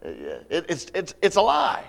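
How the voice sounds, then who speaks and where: A man preaching at a camp meeting, his voice sitting a little high for a man. He talks to the congregation conversationally with folksy humor, then drives his points home with loud, emphatic bursts. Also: huge pitch swings, moderate pace, vocal fry. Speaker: pastor. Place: church meeting before a live congregation.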